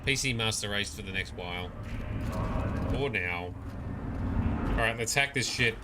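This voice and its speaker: Here a man with a voice on the low side streams a game, joking casually and reading viewers' chat messages out loud. He speaks at a measured pace from his gaming PC, with game music and heavy background noise around him.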